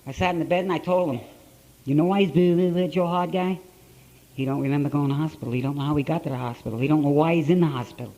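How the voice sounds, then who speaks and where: Gruff, blunt older man telling his story. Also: fairly high pitch, fast, dark tone, poor audio. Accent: Ohio. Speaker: speaker at a recovery conference. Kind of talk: storytelling talk at a conference. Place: conference hall, live talk to an audience.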